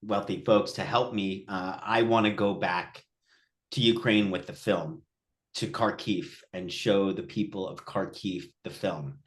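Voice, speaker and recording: Animated man telling a director's anecdote. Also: sits low, unhurried. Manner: animated, acts out quotes, frequent restarts. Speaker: film director at a Q&A. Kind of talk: casual anecdotal storytelling.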